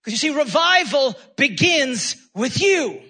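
A man preaches a sermon as pastor in a very high-pitched, sharp voice at a moderate pace. He is fervent and repetitive, repeating phrases and calling out praise and exclamations between his points.

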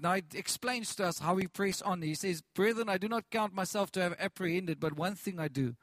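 A man's voice: sits high, a bit bright, no room sound. A man preaching a sermon with passion, repeating phrases, restarting lines and calling out to the congregation.

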